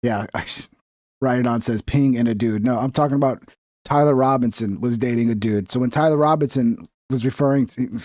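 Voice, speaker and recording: A man's voice: medium pitch, brisk, a little mellow, no echo, studio quality. A young man streaming casual commentary over a video, rambling and profane, with conspiratorial asides.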